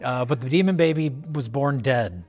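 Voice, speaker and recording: A man's voice: mid-range voice, expressive, moderate pace, a little mellow, faint music behind. A man co-hosting a casual film review, recapping the plot with laughs. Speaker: co-host.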